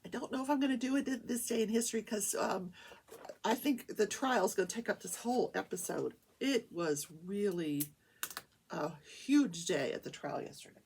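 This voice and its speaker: A woman hosting a crafting talk show, chatting in a rambling, animated way from a small home studio. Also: medium pitch, moderate pace, gravelly, slight background noise. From Wichita, Kansas, USA. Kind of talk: casual chat while crafting.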